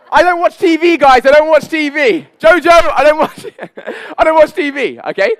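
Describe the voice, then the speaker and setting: A man, a public speaking coach, leading a live seminar on stage with high energy, playful banter and frequent laughs. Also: normal speed, a bit bright, dry recording, a faint crowd. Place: event stage before an audience.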